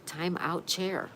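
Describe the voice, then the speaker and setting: A woman's voice: fairly low pitch, sharp tone, slight background noise. A woman from Florida hosting a livestream, chatting and reading viewer messages aloud. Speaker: livestream host. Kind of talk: reading live chat aloud. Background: rain ambience.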